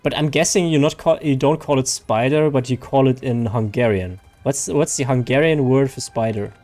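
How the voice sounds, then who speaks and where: A man's voice: medium pitch, normal speed, a little mellow, faint music behind. Chatty male streamer. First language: German. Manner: rambling, chatty, reads viewer names aloud. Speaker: game streamer. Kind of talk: casual stream chat.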